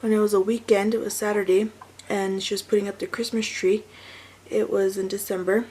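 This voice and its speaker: Chatty and full of fillers, this thirtysomething mother and vlogger recounts something from her own life, often stopping to correct herself. She speaks briskly in a level, husky, mid-range voice with a darkish tone, and the audio is poor.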